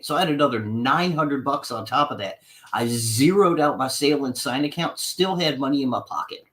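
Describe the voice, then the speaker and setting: A man's voice: mid-range voice, fairly bright tone. Man telling a long casino story. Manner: long-winded anecdote, swearing, acts out quotes. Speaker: podcast co-host. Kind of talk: casual storytelling.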